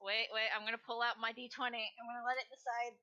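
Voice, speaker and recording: A woman's voice: fairly high pitch, level tone, fast talker, pushed and bright, clear, resonant tone, highs cut off. A woman playing in a tabletop game, chatting casually in a flustered, playful way. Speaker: player.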